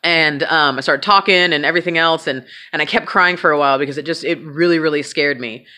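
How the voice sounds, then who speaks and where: Bright-voiced woman telling a candid story. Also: sits low, fast. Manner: candid, swears freely, self-mocking humor. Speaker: vlogger. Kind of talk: casual personal storytelling.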